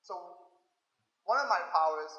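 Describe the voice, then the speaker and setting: Bronx guy w/ african american english accent, super energetic and talky, kinda high voice, big echoey hall. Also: measured pace, breathy edge, muffled recording. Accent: African American English, New York. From South Bronx, New York. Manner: energetic, talkative, loose and joking. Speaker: guest speaker. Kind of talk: casual talk to students. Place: school event room. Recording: long reverb hall.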